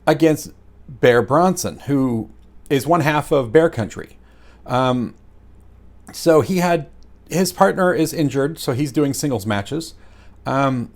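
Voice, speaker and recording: A man casually reviewing wrestling matches in a rambling, animated way, with lots of fillers and chuckles. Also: on the high side.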